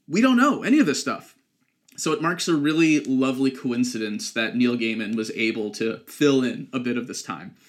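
A man's voice: mid-range voice, fairly bright tone. A young man hosting a podcast, explaining literary details in a casual, chatty way with frequent ums and likes. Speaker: podcast host.

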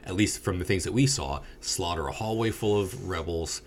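A man's voice: low-pitched, moderate pace, a little hiss or hum. A young man rambling casually and swearing now and then while reviewing a movie with a friend.

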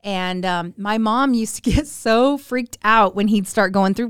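A woman's voice: mid-range voice, a little slow, few pauses, smooth, no echo, studio quality. A woman in her forties telling family stories in a casual chat, acting out the people she quotes with big jumps in her voice. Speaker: podcast guest. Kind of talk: casual storytelling.

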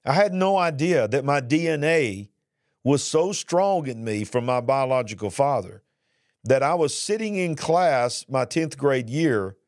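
A middle-aged man giving an earnest personal testimony about his past, retelling it slowly and with feeling. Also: mid-range voice, animated, no echo, clean studio sound. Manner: earnest, drawn-out emotional retelling. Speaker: speaker sharing his life story.

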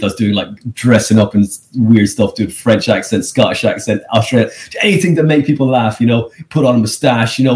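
Irish man, comedian guest, rambling animated storyteller, casual podcast chat. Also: medium pitch. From Ireland.

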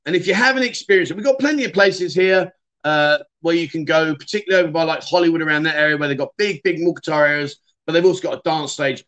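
A man's voice: on the high side, fast talker, fairly bright tone, lo-fi sound. A middle-aged man, hosting a casual livestream and chatting loosely with many fillers and restarts. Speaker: livestream host.

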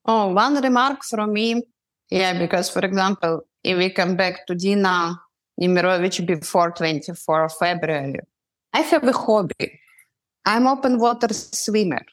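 A middle-aged woman from Ukraine with a Ukrainian accent, a guest answering interview questions haltingly as she searches for words. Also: mid-range voice.

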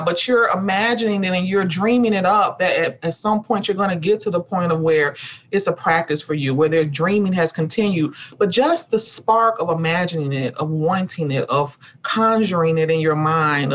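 A woman guest talking in an earnest, reflective way, building her points through repeated rhythmic phrases. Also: fairly low pitch. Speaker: guest, rest activist. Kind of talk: reflective spiritual conversation.

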